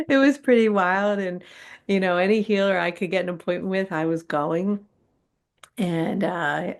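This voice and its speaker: A woman's voice: on the low side, gravelly. A middle-aged woman, a guest on a spiritual talk show, telling her personal story candidly and animatedly, acting out her own past reactions.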